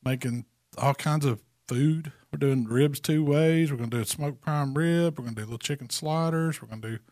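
Man, relaxed casual chat, explains things step by step, dry close sound. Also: a little high, brisk, dry recording. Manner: easygoing, explains cooking step by step. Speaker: barbecue pitmaster co-host.

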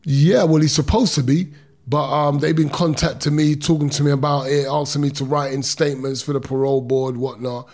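A middle-aged former boxer tells his own story in an interview, intense and emphatic, stretching words and using street slang. His voice is on the high side, steady, brisk, and darkish, carrying emotional personal storytelling.

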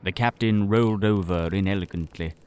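Low-voiced man in pompous storytelling. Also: brisk, smooth. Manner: pompous, florid Victorian gentleman's tone. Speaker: storyteller and sole voice actor. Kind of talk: scripted audio drama narration.

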